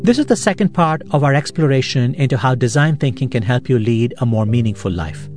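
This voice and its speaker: A man hosting a podcast, giving measured, reflective scripted narration in a studio. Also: medium pitch, expressive, a little mellow, faint music behind. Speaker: podcast host.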